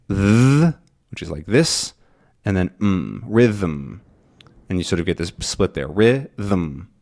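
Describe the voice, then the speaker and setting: A young man giving a relaxed English pronunciation lesson, thinking aloud with frequent ums. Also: lowish voice. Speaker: English teacher.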